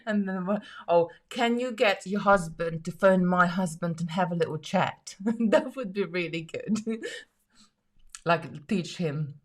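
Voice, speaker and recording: A woman with a slightly low voice chats casually on a live craft stream at her home table. She reads viewer comments aloud, laughs easily and often restarts her sentences mid-thought. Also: unhurried. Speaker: live stream host making jewellery.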